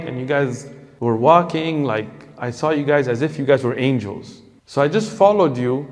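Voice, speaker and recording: A man preaches by telling a story, bringing each person in it to life with his own voice. His tone has a gravelly texture. A long reverb trails his words through a big hall. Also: medium pitch. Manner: animated storyteller who acts out quoted voices. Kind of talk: storytelling sermon.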